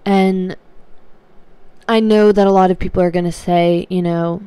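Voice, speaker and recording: A young woman vlogger talking earnestly and reflectively to camera, slow and searching, with frequent restarts. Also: on the low side, little pitch movement, mellow, clear, resonant tone, dry recording. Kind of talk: personal talk to camera.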